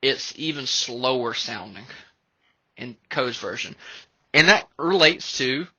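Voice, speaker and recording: Young male podcast host, bright and a touch high, loose rambling chat, dull lo-fi dry sound. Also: lively intonation, takes it slowly, dry recording. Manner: rambling, conversational, fond of "like" and "right?". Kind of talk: casual music commentary.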